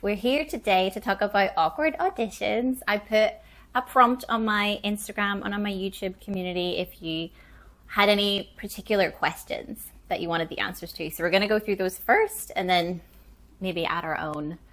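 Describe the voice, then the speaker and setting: A young woman chats casually with a friend, her voice sitting right in the middle of the usual range. She laughs often and tells her anecdotes with animated, bubbly energy. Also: mid-range voice, moderate pace. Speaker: actress and channel host. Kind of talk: casual chat.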